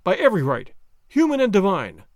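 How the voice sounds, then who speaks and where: A man voicing a desperate young man who cries out in alarm, overwrought and shouting, in a story reading. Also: high-pitched, huge pitch swings, a little fast, no room sound, studio quality, heavily acted. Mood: frantic.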